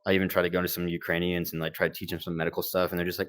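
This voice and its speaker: Low-voiced young man, laid-back. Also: steady tone, fast, no room sound. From United States. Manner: laid-back, rambling, lots of fillers and quoted dialogue. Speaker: former Marine combat medic recounting war experience. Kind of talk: casual storytelling interview.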